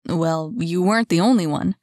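A woman's voice: moderate pace, no room sound, studio quality, close to an everyday voice. Woman putting on a wry, modest young man. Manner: lowered, firm, gently teasing.

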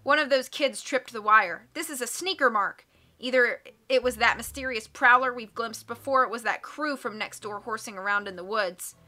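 A woman's voice: a little high, normal speed, pushed and bright. A woman voicing an irritable middle-aged male researcher who grumbles and complains. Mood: grumbling. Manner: grumbling, resentful.

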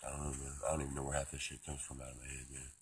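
A man delivering a profane, rambling philosophical monologue, swinging between loud outbursts and hushed whispers. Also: rumbling low, monotone, racing, husky. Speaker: vlogger.

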